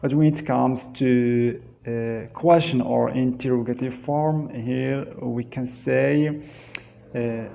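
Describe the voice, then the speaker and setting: A man teaching an English grammar lesson, repeating each verb form slowly and switching into Darija to explain. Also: mid-range voice, steady tone, vocal fry. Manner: drills word forms slowly, repeating each one. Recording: dull, lo-fi sound.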